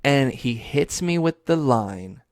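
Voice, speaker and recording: A young man hosting his own podcast, telling a funny story solo in a loose, profane way, now and then jumping into high yelps. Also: takes it slowly, dry recording, clean studio sound. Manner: animated, swears a lot, jumps into high squeaky yells for emphasis. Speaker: podcast host.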